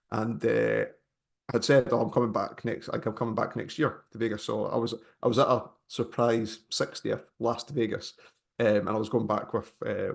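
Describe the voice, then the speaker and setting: Scottish man, podcast co-host, heavy gravel in the voice, rambling chatty storyteller. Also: fairly low pitch. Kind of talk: casual chat.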